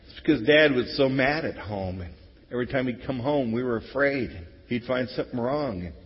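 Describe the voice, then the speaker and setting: A middle-aged man preaching an Easter sermon to his congregation, talking conversationally and moving between hushed, intimate passages and loud exclamations. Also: mid-range voice, expressive, fairly quick, husky. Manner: conversational, swings from hushed to shouting. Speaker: pastor. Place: church sanctuary. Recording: dull lo-fi sound with long hall reverb.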